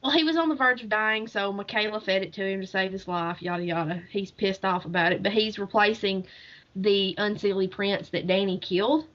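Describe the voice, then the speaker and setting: A co-host on a book podcast, this woman has a mid-range, slightly bright voice and a steady tone, talking a little fast. She retells a story with animation and plenty of laughter during the casual chat, captured on dull lo-fi audio.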